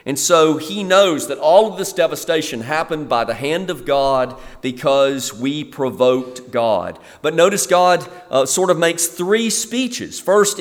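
A man preaching a sermon in an earnest way, lifting his voice for emphasis as he quotes scripture. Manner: earnest, rises in pitch and volume for emphasis when quoting scripture. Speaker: pastor. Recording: long reverb of a hall.

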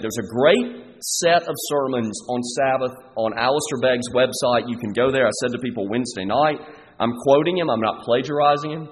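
Male pastor preaching, slightly high voice, reverberant hall, earnest rhetorical questions. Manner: earnest, presses listeners with repeated rhetorical questions. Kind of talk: sermon. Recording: long hall reverb, faint background noise.

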